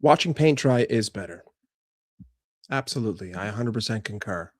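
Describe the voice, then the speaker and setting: A man's voice: lowish voice, expressive, normal speed, dry recording, studio quality. A young man streaming live, frustrated and swearing as he rants and answers chat about his football team. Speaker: fan channel streamer.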